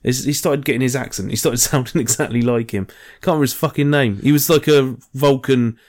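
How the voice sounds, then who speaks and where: A man's voice: medium pitch, a little fast, a little mellow. A man co-hosting a casual podcast. He rambles, swears freely, and keeps trailing off as he tries to recall names. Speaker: podcast co-host. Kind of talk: casual chat.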